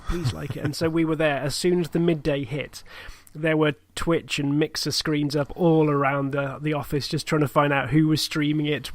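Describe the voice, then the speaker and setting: Man, podcast co-host, relaxed casual chat, fairly high pitch. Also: dry recording.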